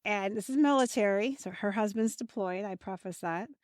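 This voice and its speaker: A woman's voice: medium pitch, moderate pace, darkish tone, no echo. A woman co-hosting a podcast, chatting casually and laughing often. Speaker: podcast co-host. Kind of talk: casual chat.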